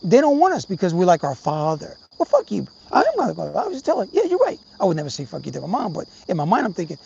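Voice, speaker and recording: A middle-aged man streams live, rambling casually and profanely at his viewers, whom he calls brothers. He talks fast with few pauses, his high voice swooping wildly, with vocal fry and a slightly mellow quality. The audio is slightly dull with faint background hiss.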